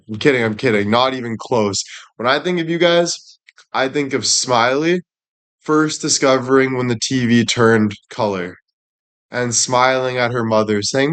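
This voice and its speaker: A man's voice: medium pitch, moderate pace, a bit bright. A young man hosting a casual livestream, rambling and joking crudely. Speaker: livestream host.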